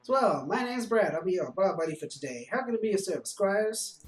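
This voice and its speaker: A man voicing a chirpy male barman who loudly reads out long terms and conditions. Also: high-pitched, expressive, a little fast, roomy sound, distant mic, voice pushed up, poor audio. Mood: cheery. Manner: loud, chirpy, rattles off legalese.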